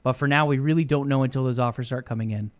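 A man co-hosting an esports news show, explaining things in a measured way and asking rhetorical questions. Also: mid-range voice, fairly even intonation, no echo. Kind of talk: casual esports news discussion.

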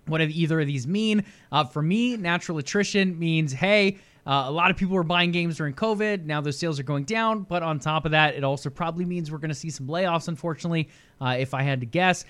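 A young man co-hosting a casual gaming podcast, chatty and speculative, thinking out loud. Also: a little high. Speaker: podcast co-host.

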